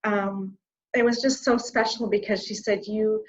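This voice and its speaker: A woman from Canada, an interview guest, telling a personal story in a heartfelt, reflective way, pausing and restarting as she goes. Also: medium pitch, fairly even intonation, muffled recording.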